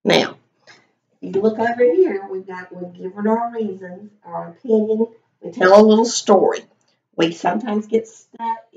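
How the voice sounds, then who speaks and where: A woman teacher with a low, gravelly edge to her voice leads a writing lesson for small children. She speaks slowly and patiently, sounding out each word bit by bit. She keeps asking the class simple questions as she writes. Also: dark tone, lo-fi sound. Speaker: kindergarten teacher.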